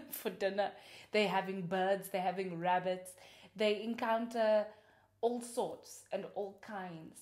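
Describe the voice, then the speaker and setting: A woman host chatting casually about films, animated and quick to laugh, with many fillers. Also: medium pitch, reverberant. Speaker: podcast host. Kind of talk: casual film review.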